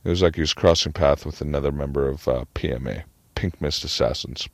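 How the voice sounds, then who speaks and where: A man's voice: rumbling low, brisk, no echo. A man telling a rambling comedic story in a meandering way, with lots of "like" fillers and casual profanity.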